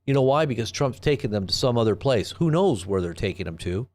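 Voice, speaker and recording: A man's voice: mid-range voice, expressive, a little fast, darkish tone. A man hosting a live commentary stream, talking in a rambling, sarcastic way with frequent restarts and rhetorical questions. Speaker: host of a live news commentary channel.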